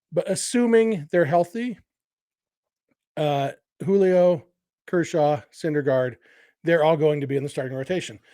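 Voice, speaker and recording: A man's voice: fairly high pitch, darkish tone, dry recording, clean studio sound. A middle-aged man hosting a casual sports podcast, thinking aloud with fillers and restarts. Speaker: podcast host.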